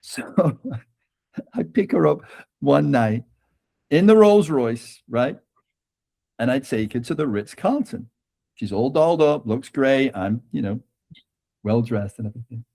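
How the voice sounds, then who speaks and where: A man appears as a guest on an interview podcast, telling a personal anecdote in a conversational way, laughing often and tagging lines with "right?". His voice is medium-pitched and mellow.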